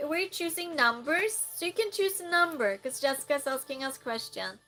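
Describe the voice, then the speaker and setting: A woman's voice: sits high, expressive, normal speed, bright, forceful tone, faint music behind. A woman streamer chatting casually and playfully with her live viewers, reading their messages aloud and teasing them.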